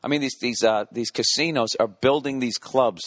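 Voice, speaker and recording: Forties comic host, mid-pitched, swearing rant with mouth-made beats and self-heckling asides, dry booth sound. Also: male voice, normal speed, fairly bright tone, no room sound. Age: 40s. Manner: profane ranting, mimics beats with his mouth. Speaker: podcast host. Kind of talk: rambling comedic monologue.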